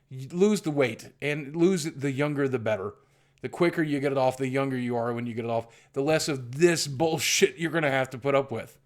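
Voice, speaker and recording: A middle-aged man from southwestern Virginia, talking in a candid, rambling, self-deprecating vlog monologue with frequent restarts. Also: mid-range voice. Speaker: YouTuber.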